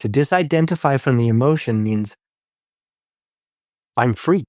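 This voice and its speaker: A man's voice: medium pitch, animated, unhurried, darkish tone, dry recording, studio quality. A man talking about recovery in a casual spiritual conversation, earnest and affirming, repeating key phrases and swearing now and then.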